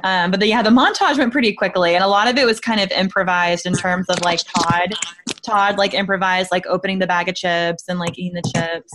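A woman's voice: fairly low pitch, steady tone, fairly quick, background noise. A woman, an actress guest, answering questions in a casual interview, rambling with many fillers.

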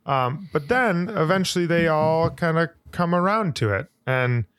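A man's voice: on the high side, lively intonation, measured pace, fairly bright tone, smooth, no room sound. A man co-hosting a podcast, animatedly recapping scenes in casual chat. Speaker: podcast co-host.

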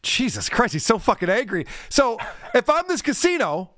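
A man's voice: very high voice, big pitch swings, moderate pace, bright, forceful tone, faint music behind. A man co-hosting a comedy podcast, sarcastic and laughing as he reacts to clips and reads viewer messages. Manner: sarcastic, laughs often, reads super chats. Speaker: podcast co-host. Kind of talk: casual commentary podcast.

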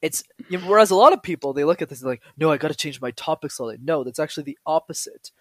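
A man speaking as a podcast guest, telling lively stories and acting out the voices of people he quotes. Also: fairly high pitch, very fast, no echo. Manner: animated storyteller who acts out quoted voices. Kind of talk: conversational podcast interview.

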